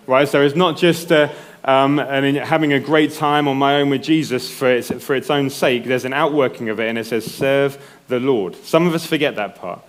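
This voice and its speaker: A man's voice: medium pitch, moderate pace, hardly any pauses. Conversational male preacher. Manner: conversational, checks in with "right?". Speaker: pastor. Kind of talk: sermon.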